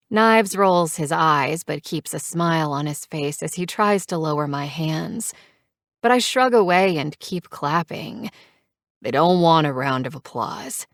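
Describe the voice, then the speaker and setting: Brief: a deep-voiced woman reading a romance novel aloud, expressive, dry studio sound. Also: unhurried, no echo. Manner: expressive, animated character voices. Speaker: audiobook narrator. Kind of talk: first-person romance audiobook narration.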